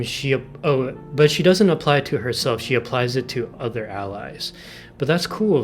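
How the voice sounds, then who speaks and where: A man hosting a gaming video, explaining team setups in casual commentary and exclaiming with enthusiasm over game details. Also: medium pitch.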